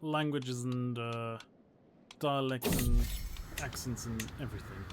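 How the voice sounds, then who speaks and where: This livestream features a historian from Portugal, in his thirties, chatting articulately with viewers as he plays a strategy game; his native language is Portuguese, though his English sounds British. His mid-range voice stays steady at a measured pace, against heavy background noise.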